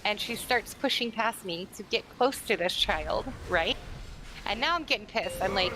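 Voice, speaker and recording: A woman's voice: mid-range voice, moderate pace, background noise. A woman streaming a game with friends, chatting casually and telling stories bluntly, swearing freely. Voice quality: blunt, animated storyteller who swears freely. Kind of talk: casual chat and storytelling.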